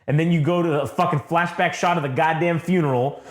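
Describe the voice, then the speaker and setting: A man co-hosting a casual comic book review chat, swearing constantly and excitedly retelling scenes. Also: fairly quick, echoey room. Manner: excited, swears constantly, acts out quotes in deep voices. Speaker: comic book podcast co-host.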